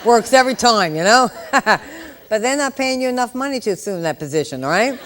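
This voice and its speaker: An older woman in her sixties leads a live exam-prep lecture for nurses. She teaches with a steady stream of jokes and chatty asides to the class. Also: a little high, a little fast, slight background noise. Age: 60s. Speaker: nurse educator.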